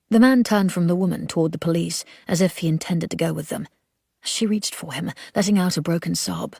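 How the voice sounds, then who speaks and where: Husky, gravelly woman narrating. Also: on the low side, fairly quick, darkish tone, no echo, clean studio sound. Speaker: audiobook narrator. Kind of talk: scripted narration.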